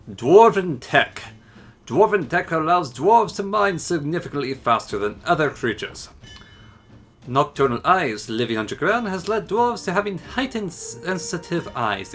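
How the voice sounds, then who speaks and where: A man voicing a boisterous male dwarf who chants like a drinking song and reads out dwarf lore with loud, drawn-out theatrical delivery. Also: on the high side, big pitch swings, faint music behind, voice pushed up, exaggerated voice. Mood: proud. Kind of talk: theatrical in-character reading.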